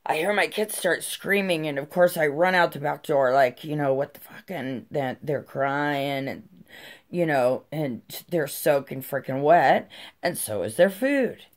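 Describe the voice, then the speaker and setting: Middle-aged woman, vlog storyteller, unhurried delivery, salty language. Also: low voice, animated. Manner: profane, heated, conversational. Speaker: channel host telling a personal story.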